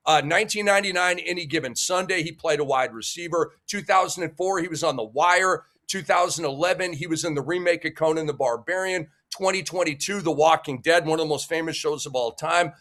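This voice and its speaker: High-pitched male host with a head cold, eager and joking, loose casual delivery. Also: brisk, few pauses, a bit bright. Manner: enthusiastic, jokey, with frequent fillers and restarts. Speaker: sports debate show host. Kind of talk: casual talk-show hosting.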